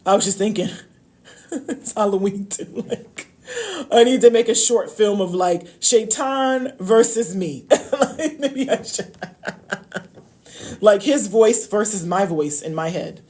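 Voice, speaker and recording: A love coach on a live stream, this woman talks casually yet emphatically and a bit preachily, calling her viewers "y'all." Her medium-pitched, mellow voice moves slowly, with frequent pauses.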